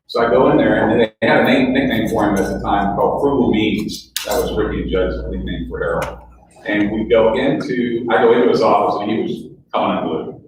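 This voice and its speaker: A man's voice: on the low side, fairly quick, background noise. A middle-aged man, a guest speaker telling chatty, self-mocking stories with quoted dialogue at a club lunch. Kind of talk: storytelling talk at a club lunch. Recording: echoey room heard from a distance.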